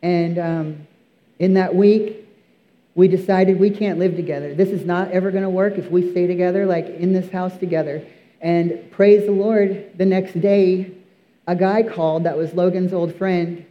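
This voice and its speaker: High-voiced man giving an earnest testimony. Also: steady tone, moderate pace, highs cut off. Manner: earnest, emphatic storytelling with frequent fillers. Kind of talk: church testimony.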